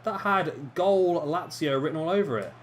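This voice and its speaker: A man's voice: a little high, lively intonation, moderate pace, slight background noise. A young man giving casual, self-deprecating commentary while playing a football video game. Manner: chatty, self-deprecating, reacting aloud to play. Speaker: gaming commentator. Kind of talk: casual let's-play commentary.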